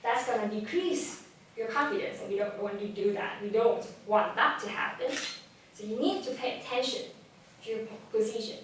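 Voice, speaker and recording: A young adult woman who speaks Vietnamese as her first language gives a motivational talk on public speaking to a live audience, her slightly high voice lively and direct in a coaching tone at a moderate pace. She's captured from far off in a strongly echoing event hall with a faint hum.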